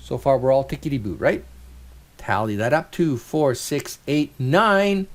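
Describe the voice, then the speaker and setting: A man's voice: mid-range voice, unhurried. A middle-aged man teaching a recorded finance lecture, talking things through in a conversational way and checking in with rhetorical questions. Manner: animated, conversational, thinks aloud with rhetorical checks. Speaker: instructor.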